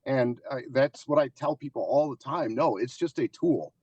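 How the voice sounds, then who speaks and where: A man's voice: medium pitch, lively intonation, moderate pace, darkish tone, breathy edge, dry recording, rough recording. Guy on a podcast as the guest, medium voice, kinda reflective, lots of um and you know, dry sound. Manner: reflective, candid, with frequent fillers. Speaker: podcast guest, haunt actor. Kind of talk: casual interview chat.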